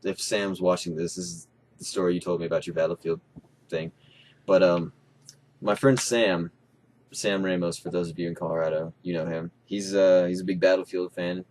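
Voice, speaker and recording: Young man, low voice, casual storyteller, animated and profane. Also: moderate pace, a little hiss or hum. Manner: excitable, swearing, laughing storyteller. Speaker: co-host.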